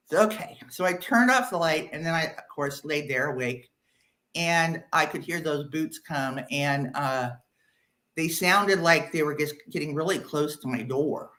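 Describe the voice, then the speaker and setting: A woman's voice: moderate pace, poor audio. Chatty middle-aged woman telling a ghost story. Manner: animated, laughs often, drops low for quoted voices. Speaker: guest caller. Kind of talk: casual storytelling.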